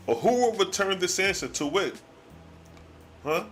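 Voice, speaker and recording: A man hosting a live scripture study, reading archaic verses slowly and then explaining them in slangy casual talk. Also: fairly high pitch, big pitch swings, a bit bright, faint music behind. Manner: alternates slow archaic reading with slangy commentary.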